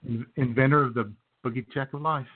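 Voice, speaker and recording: A man co-hosting a radio talk show, rambling through stories with plenty of fillers. His pitch sits in the middle. The sound is tinny and phone-like. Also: steady tone, brisk, slight background noise. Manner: rambling storyteller with many fillers. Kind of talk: casual chat.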